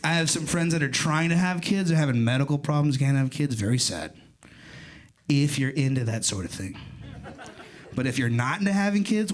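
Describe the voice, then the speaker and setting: A man in his thirties doing a stand-up comedy set in a club, telling stories in an animated way and jumping into loud voices for punchlines. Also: on the high side, moderate pace. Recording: live club recording with crowd laughter. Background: audience laughter.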